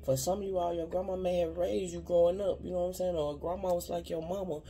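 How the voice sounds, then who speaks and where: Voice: medium pitch, level tone, quick pace, creaky, warm tone, slight background noise. A spiritual advisor giving a casual card reading straight to viewers, earnest and rambling, often repeating "you know what I'm saying.". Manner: earnest and heartfelt, speaking directly to viewers.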